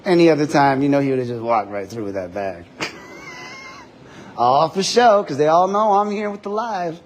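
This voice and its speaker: Animated man chatting into a body cam. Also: a little high, moderate pace, poor audio. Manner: animated, laughs often, swears casually. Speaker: independent journalist livestreaming. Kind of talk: casual chat to camera. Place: public building lobby. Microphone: body-worn camera.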